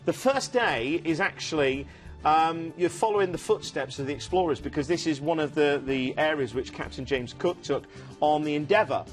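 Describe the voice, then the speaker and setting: A man's voice: on the high side, normal speed, soft background music. Enthusiastic man presenting cruises. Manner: enthusiastic, rambling with fillers and restarts. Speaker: TV cruise sales show presenter. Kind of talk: casual studio sales chat. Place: TV studio.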